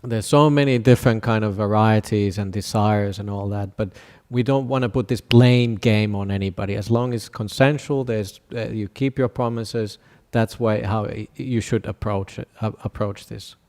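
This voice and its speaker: A man who is a Buddhist monk teacher, speaking haltingly with many restarts in a teaching workshop dialogue. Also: on the low side, steady tone, a little mellow.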